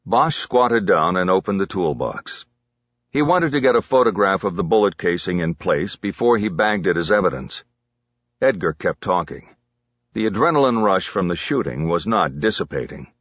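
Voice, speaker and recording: A man reading a crime novel aloud as an audiobook narrator, measured and dramatic. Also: low voice, expressive, a bit bright, no room sound, dull audio.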